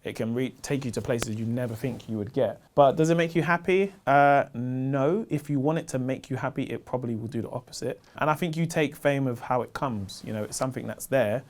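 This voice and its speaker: A man in his thirties with a South London accent, a stand-up comedian chatting casually in an interview, slangy and animated as he tells stories. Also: brisk, few pauses. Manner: animated, slangy storytelling, gets loud and high when excited.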